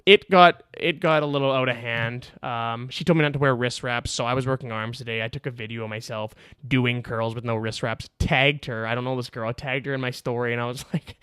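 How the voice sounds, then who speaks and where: A man's voice: medium pitch, steady tone, brisk, fairly bright tone, clear, resonant tone, dry recording, clean studio sound. A man hosting his own podcast, telling a story casually and with energy, swearing freely and laughing as he talks, recorded on a video camera on a tripod. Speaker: podcast host.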